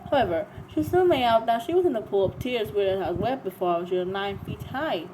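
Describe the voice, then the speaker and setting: A woman's voice: mid-range voice, animated, a little fast, mellow, slight background noise, rough recording. A woman reading a storybook aloud, narrating with some stumbles. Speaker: reader.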